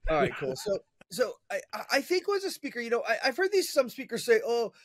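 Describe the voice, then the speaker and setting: A man's voice: very high voice, fast talker, no room sound. Chatty man telling a story, dry sound. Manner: energetic, chatty storyteller with fillers and restarts. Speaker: interview guest, professional speaker. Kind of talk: casual storytelling in conversation.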